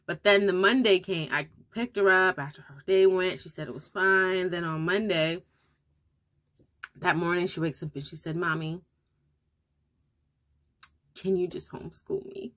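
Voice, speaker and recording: A young mother speaks to her viewers in a relaxed get-ready-with-me vlog, her voice sitting a little on the low side. She tells a personal story in a loose, conversational way, with fillers and restarts along the way. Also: moderate pace. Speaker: homeschooling mother and vlogger.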